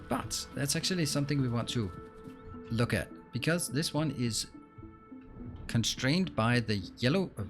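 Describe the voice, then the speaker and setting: A man hosting a let's play, explaining what he does as he plays and filling pauses with frequent ums and uhs. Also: mid-range voice. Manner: explains while playing, with frequent fillers. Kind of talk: gameplay commentary.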